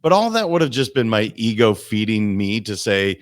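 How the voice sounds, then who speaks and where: A man, a guest coach in a podcast interview, telling stories in an animated way and acting out the people he quotes. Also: on the low side, moderate pace. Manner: animated storytelling, acts out voices in quotes. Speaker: guest, mindset and business coach.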